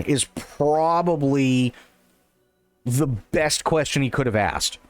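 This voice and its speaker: Animated man streaming, lively pitch. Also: a little slow, no room sound, faint music behind. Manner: animated, repeats himself, stammers on restarts. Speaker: livestream host reacting to an interview. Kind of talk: casual reaction commentary.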